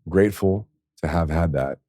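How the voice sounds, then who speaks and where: A man's voice: low voice, moderate pace, no echo, studio quality. A man, a former pro football player, tells a candid, profane personal story in a podcast interview, and he is tearful at times. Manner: candid and profane, with laughs and soft, choked passages.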